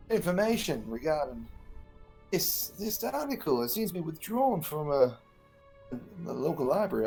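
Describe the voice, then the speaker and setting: Halting, wheedling freelance reporter, slightly high voice; male player. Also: a little mellow.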